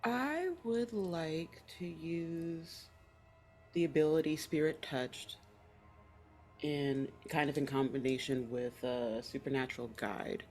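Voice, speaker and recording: Give me a slow-talking player explaining dice rolls in a tabletop game. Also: mid-range voice, darkish tone, soft background music. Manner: unhurried, explaining.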